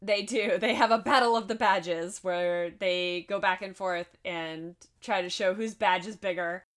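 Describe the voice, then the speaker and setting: A woman's voice: mid-range voice, steady tone, a little slow, fairly bright tone. Sex: woman. Role: podcast co-host. Style: casual chat recapping a film. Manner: chatty and laughing, with asides.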